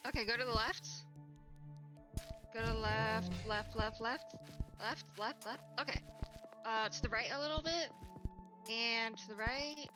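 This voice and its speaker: A young woman with a fairly high voice talks her friend through a puzzle game. She gives quick directions and keeps breaking into giggles, with the odd swear word. Game music plays steadily in the background. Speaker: streamer. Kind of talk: casual co-op gameplay chat.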